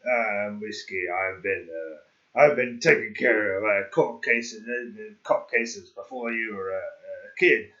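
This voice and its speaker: A man voicing an old, grumpy male cop near retirement, talking gruffly and complaining, on a dull lo-fi stream recording. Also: fairly low pitch, takes it slowly, sharp tone, pitched below the performer's own voice.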